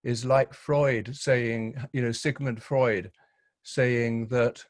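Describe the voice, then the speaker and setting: A man joining an online philosophy workshop, speaking in a measured, careful way. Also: medium pitch, steady tone, no room sound, studio quality. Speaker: workshop participant. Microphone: video call.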